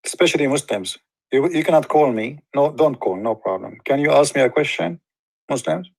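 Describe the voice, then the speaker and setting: A man's voice: a little high, lively intonation, brisk, creaky, slightly rough, no room sound. Mocking man with a dry sound. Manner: mocking, repetitive, emphatic. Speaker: online debate host. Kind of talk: live call-in debate talk.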